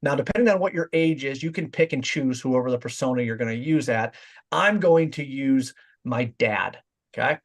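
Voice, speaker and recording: A man giving a sales training talk, direct and confident, acting out quick example lines to show voice tone. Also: medium pitch. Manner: direct, demonstrates voice tones in quoted examples.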